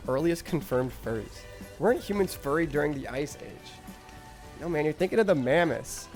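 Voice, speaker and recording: A man's voice: fairly high pitch, expressive, moderate pace, darkish tone, faint music behind. A man streaming a game, rambling and joking with chat in crude casual talk, often stammering.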